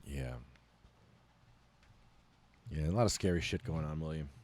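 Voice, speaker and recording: A man hosting a podcast, ranting in a casual, profane and animated way. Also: a bass voice, measured pace. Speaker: podcast host.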